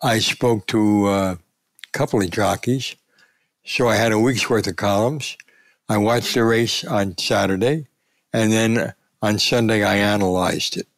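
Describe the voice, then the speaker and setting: Gravelly older man telling stories. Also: on the low side, a little slow, no room sound. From United States. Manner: animated anecdote telling, voice rising for punchlines. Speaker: veteran sports columnist, guest. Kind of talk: storytelling interview.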